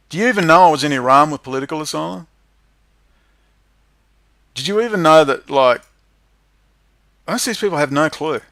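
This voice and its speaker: A man hosting a livestream, ranting profanely to his viewers and swinging between muttering and shouting. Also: a little high, no echo. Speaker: livestream host.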